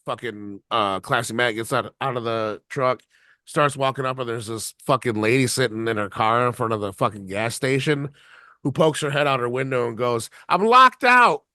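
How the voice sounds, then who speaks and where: Podcast dude telling a rambling cussing story, laughs a lot, average pitch, dead dry sound. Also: male voice, normal speed, sharp tone, no room sound. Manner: rambling, profane, laughs through his story. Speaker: podcast co-host. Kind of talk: casual anecdote telling.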